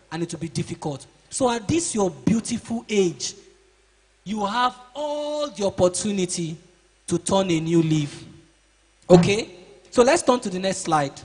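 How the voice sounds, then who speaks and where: A man's voice: sits high, breathy edge. A man giving a motivational seminar to boys, preaching, asking the class questions and acting out their excuses. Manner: preachy, asks the audience questions and acts out excuses. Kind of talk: motivational talk to teenagers. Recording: reverberant hall.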